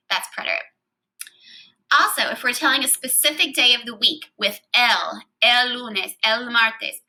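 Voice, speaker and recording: A woman's voice: fairly high pitch, sharp tone, low-quality recording. A woman teaching a Spanish grammar lesson, explaining patiently step by step and reading out verb endings one at a time.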